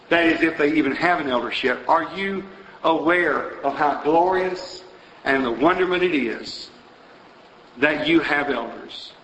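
A man's voice: on the high side, bright, forceful tone, slight background noise. A man preaching a sermon to a congregation, exhorting with rhetorical questions that build to emphatic peaks. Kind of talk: sermon with invitation. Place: church auditorium. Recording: roomy hall reverb.

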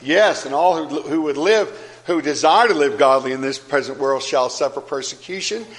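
A man's voice: a little high, normal speed, poor audio. A man preaching a sermon, reading scripture aloud and repeating key phrases with earnest emphasis.

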